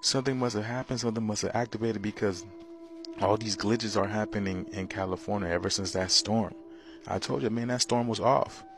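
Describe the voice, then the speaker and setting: A man vlogging casually to viewers, excited and drawing out his words. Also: on the low side, music in the background. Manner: excited, drawn-out speech. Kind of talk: casual vlog talk.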